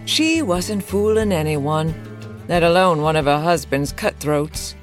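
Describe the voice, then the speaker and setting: A woman narrating a horror story in a measured, dramatic storytelling voice. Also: low voice, lively intonation, faint music behind. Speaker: guest narrator.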